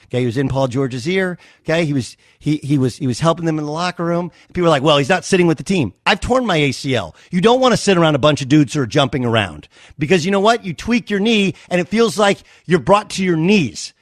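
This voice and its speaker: A man's voice: fairly high pitch, big pitch swings, fast, few pauses, dry recording, clean studio sound. A man arguing hard in an on-air sports debate, emphatic and insistent. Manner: emphatic, insistent, repeats "okay?". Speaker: sports radio host.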